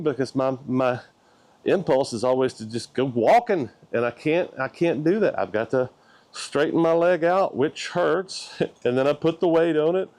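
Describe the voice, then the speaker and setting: A man talks through a personal vlog update, pausing, restarting and searching for words as he thinks. His voice sits in an ordinary middle range. The sound is dry and close. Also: mid-range voice, lively intonation, a little mellow, no echo. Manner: halting, thoughtful, many restarts. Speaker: vlogger. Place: outdoors, walking.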